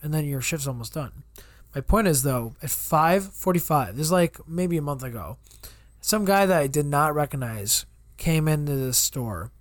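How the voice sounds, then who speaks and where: Fairly high-pitched and lively in his intonation, a man co-hosting a podcast speaks at normal speed on a dry recording. His casual, rambling story runs long, with quoted customer voices and plenty of swearing.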